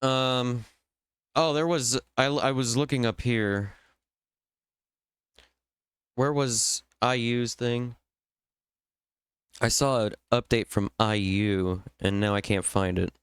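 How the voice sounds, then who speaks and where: Young male streamer from Indiana, loose rambling chat full of ums, smooth clear voice, dry close sound. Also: medium pitch, steady tone, slow, pauses often, fairly bright tone, dry recording. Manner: rambling, thinking aloud with fillers. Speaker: livestream host.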